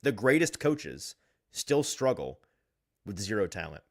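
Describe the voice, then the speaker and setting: A man hosting a sports talk show, reading out fan comments and ranting in an animated way with frequent chuckles. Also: lowish voice, unhurried, vocal fry. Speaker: sports podcast host.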